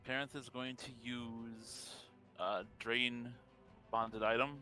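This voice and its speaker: Bright-voiced laid-back male player. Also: medium pitch, steady tone, slow pace, faint music behind. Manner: laid-back, giggly, thinking aloud. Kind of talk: tabletop game chat.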